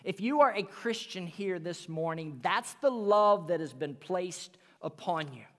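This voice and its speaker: High-voiced pastor preaching slowly, hall reverb. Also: male voice, expressive, a bit bright. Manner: earnest preaching, rises and drops to near whisper. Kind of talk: sermon. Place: church sanctuary.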